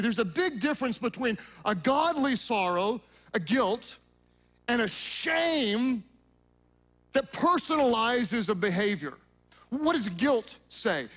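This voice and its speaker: A male pastor preaching a sermon, acting out Bible scenes in voices and dropping to a low hush at solemn moments.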